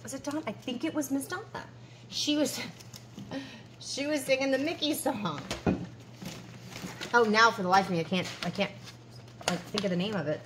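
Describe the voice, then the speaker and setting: A woman's voice: fairly high pitch, moderate pace, pauses often, background noise. Chatty woman counting cash aloud. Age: 40s. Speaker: budgeting vlogger. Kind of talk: casual chat while counting cash.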